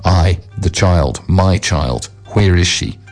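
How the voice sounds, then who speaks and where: Man voicing a frantic father; deep, urgent, demanding; storybook drama. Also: expressive, slow pace, darkish tone, faint music behind, full character voice. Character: desperate, grief-stricken father.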